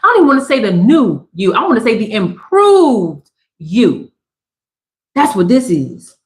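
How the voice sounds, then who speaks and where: A woman gives a live tarot reading in a loud, slangy voice that swings between preaching and joking. Her voice sits a little high. The room around her is echoey. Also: huge pitch swings, a little slow. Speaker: tarot reader. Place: Southern California.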